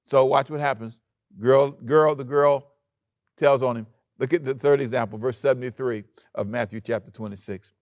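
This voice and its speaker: A man pastor preaching a sermon in an animated way, acting out quoted lines and chuckling often. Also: medium pitch, moderate pace, no echo.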